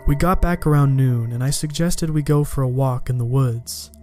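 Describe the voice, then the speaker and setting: A man's voice: mid-range voice, moderate pace, warm tone. Man reading a horror story over music. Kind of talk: scripted first-person horror narration.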